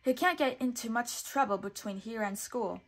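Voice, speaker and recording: A woman voicing a fussy, excitable little male cricket in a storybook, calling out loudly and excitedly. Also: on the high side, moderate pace, a little hiss or hum, close to an everyday voice. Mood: flustered.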